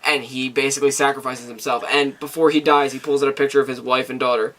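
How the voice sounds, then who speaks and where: A man's voice: mid-range voice, fast. A young man co-hosting a casual chat, recapping TV episodes and acting out the characters' lines. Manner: animated, acts out characters' lines while retelling. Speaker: co-host.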